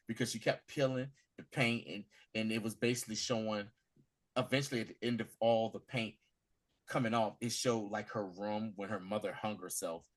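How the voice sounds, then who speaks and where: A man co-hosting a podcast, retelling a TV episode in a casual, animated way and acting out the characters' lines. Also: on the low side, moderate pace. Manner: animated storytelling, acting out scenes in voices. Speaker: podcast co-host. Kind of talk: casual TV recap chat.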